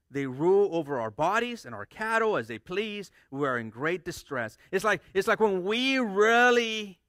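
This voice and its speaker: A man with a high, bright voice delivers a sermon as pastor, hammering points home by repeating phrases. He often stumbles and restarts words as he goes. The sound is close and dry. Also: no room sound. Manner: emphatic, repeats key phrases for stress.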